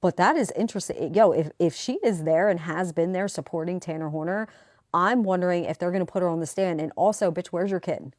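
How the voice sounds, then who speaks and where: A woman recapping a court trial in a chatty, animated vlog style. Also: lowish voice, fairly quick, no room sound, studio quality. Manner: chatty, animated retelling with quoted voices. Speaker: true crime commentator.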